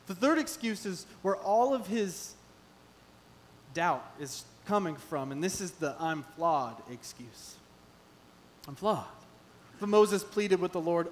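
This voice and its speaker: A man preaching a sermon as pastor in a church, animated and acting out the voices he quotes with rising emphasis. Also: sits high. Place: church sanctuary.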